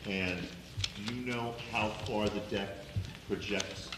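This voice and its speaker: A man questions an applicant at a public hearing, friendly and methodical, pausing as he goes. His voice is very low. The room echoes, and heavy noise runs under the audio. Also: steady tone. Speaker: zoning board commissioner.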